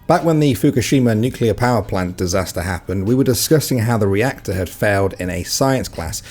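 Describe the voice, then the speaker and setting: A man's voice: lowish voice, expressive, fairly quick, darkish tone. A man reading reddit stories aloud in a casual way, adding wry, joking comments between them. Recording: faint music behind.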